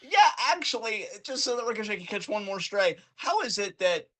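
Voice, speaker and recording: A man co-hosting a casual wrestling review podcast, ranting with profane, animated mock outrage. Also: high-pitched, normal speed. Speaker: podcast co-host.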